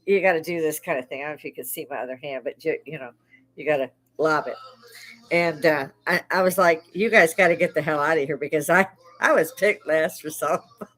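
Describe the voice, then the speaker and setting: A woman's voice: low-pitched, fairly quick, fairly bright tone, rough recording. An older woman from Chicago hosting a casual live stream chat, salty and profane, laughing often between stories. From Chicago, United States. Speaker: live stream host, army veteran.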